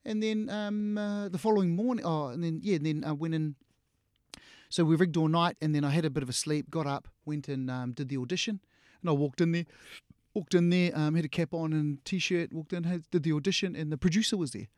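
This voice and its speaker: A man's voice: a little high, brisk, no echo, studio quality. A middle-aged man with a New Zealand accent, an actor being interviewed, telling casual stories and acting out what people said, laughing often. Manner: animated, acts out quotes, laughs often. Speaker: actor, guest.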